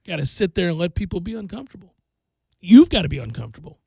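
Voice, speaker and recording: A man hosting a sports radio show, chatting casually and telling stories with animated energy and frequent laughter. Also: sits high, fast talker, gravelly, slightly rough, dry recording. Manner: animated storytelling, laughs often.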